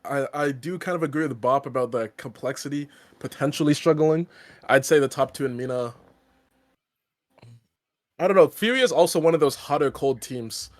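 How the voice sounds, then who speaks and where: Hesitant man with a slightly high voice. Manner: hesitant, measured. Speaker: podcast guest. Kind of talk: casual podcast chat.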